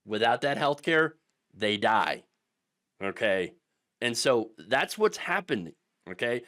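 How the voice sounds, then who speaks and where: A man's voice: mid-range voice, big pitch swings, slow, bright, forceful tone. A middle-aged man ranting through political commentary, sarcastic and mocking, sometimes putting on the voices of his opponents.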